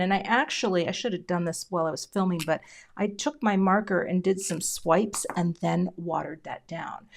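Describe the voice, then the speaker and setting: A middle-aged woman narrating a casual crafting tutorial, chatty and relaxed, often dropping into a whisper as she concentrates. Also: mid-range voice. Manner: drops into whispers while concentrating. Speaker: card-making crafter.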